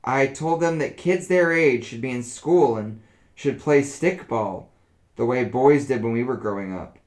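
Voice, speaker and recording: A man voicing an elderly woman who speaks in a flat, emotionless, dazed way. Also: medium pitch, measured pace, natural voice. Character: elderly woman, dazed and flatly matter-of-fact.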